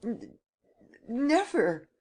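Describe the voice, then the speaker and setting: A woman's voice: takes it slowly, breathy edge, exaggerated voice. A woman voicing a frightened young man who falters, stammers and sobs as he begs for his life in an audiobook. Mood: desperate pleading. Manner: high, faltering, stammering and sobbing.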